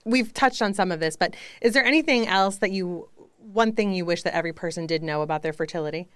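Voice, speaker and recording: Chatty woman podcast host, smooth dry voice. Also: on the low side, fast talker, fairly bright tone, no room sound. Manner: enthusiastic, chatty, uses "y'all". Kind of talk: casual podcast chat.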